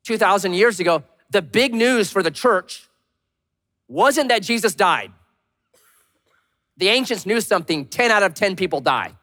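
A man in his thirties, a pastor giving a sermon, swinging between loud punchy lines and hushed slow emphasis. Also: high voice, animated. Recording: long reverb of a large hall.

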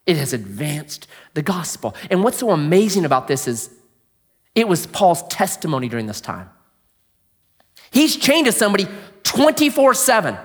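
A male pastor delivers an animated sermon in a fairly high voice that rises and falls widely. He quizzes the congregation and sinks into a quiet hush when he drives a point home. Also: moderate pace. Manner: animated storyteller, asks the audience questions, drops to a hush for emphasis.

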